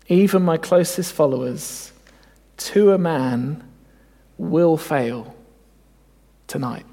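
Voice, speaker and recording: A man's voice: a little high, slow, pauses often, warm tone, big-room sound. A man preaching a sermon, earnest and reflective, often asking his listeners rhetorical questions.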